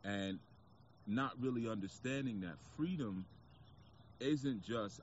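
A man with a New York accent speaks to camera outdoors about spiritual matters, casual, reflective and a bit preachy, with many fillers such as "you know." His lowish voice is expressive and measured, though the recording is muffled with a little hiss or hum.

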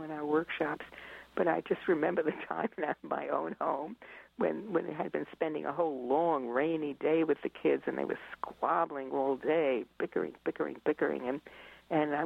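A woman's voice: sits low, vocal fry, breathy edge, dry recording. A middle-aged woman, an author and parenting expert, telling stories animatedly and acting out scenes, laughing often. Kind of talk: storytelling in a conversation. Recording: tinny phone-like line, dry.

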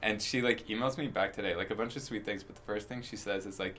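A man's voice: fairly low pitch, fast, hardly any pauses, a little hiss or hum. A young man co-hosting a student podcast, chatting casually and rambling with constant fillers. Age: young adult. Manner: rambling, peppered with "like", bursts into loud laughter. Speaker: co-host.

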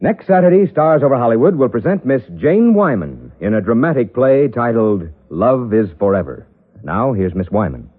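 A man announcing a 1950s radio show and reading ads in a smooth, salesy, emphatic way. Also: medium pitch, sing-song, normal speed. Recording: tinny lo-fi vintage radio broadcast.

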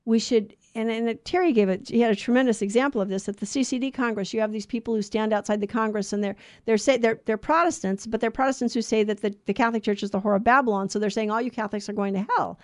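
A woman's voice: on the high side, fairly even intonation, fast talker, hardly any pauses, a little mellow, no room sound, clean studio sound. Earnest woman teaching Bible on radio. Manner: earnest, conversational teaching with restarts. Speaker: radio Bible study co-host.

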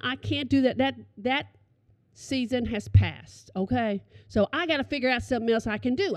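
A middle-aged woman telling comic stories to an audience, animated and calling them y'all. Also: on the high side, no room sound. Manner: animated, addresses listeners as y'all. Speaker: storyteller.

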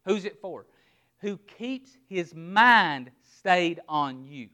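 High-voiced man preaching a sermon. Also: lively intonation, drawn-out words, sharp tone. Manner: emphatic preaching, word-by-word emphasis, rhetorical questions. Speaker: pastor.

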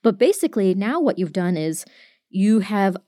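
A woman's voice: mid-range voice, very animated, warm tone, dry recording. Woman podcast cohost, chatty, lots of "like", dry close mic. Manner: chatty, many filler "like"s, quick asides. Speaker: podcast co-host explaining code. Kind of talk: casual explanatory chat.

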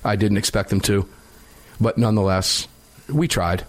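An American man hosts a talk radio show, chatting casually with a co-host in a lowish voice at normal speed. He's opinionated and sarcastic, laughing as he mocks things.

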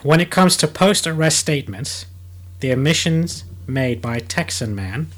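Man reading news aloud, halting. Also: fairly high pitch, expressive, fairly bright tone. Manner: halting reading, many fillers, breaks into laughter. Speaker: podcast host reading out a news story. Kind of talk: casual comedic chat.

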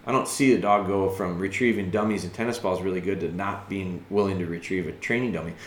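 A man giving patient, earnest dog-training advice as a podcast host, thinking aloud and dropping soft and slow when he models calm commands. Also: low-pitched, echoey room, slight background noise. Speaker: dog trainer answering a listener.

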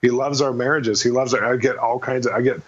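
A man telling a personal faith story in a casual interview, fast and animated, acting out the quotes. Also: mid-range voice, breathy edge, dull audio. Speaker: guest minister.

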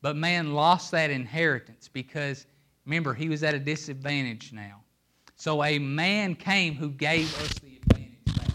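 A man's voice: on the high side, moderate pace, bright, forceful tone, a little hiss or hum. A man preaching a sermon on a microphone, emphatic and pulling listeners in with questions. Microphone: handheld microphone.

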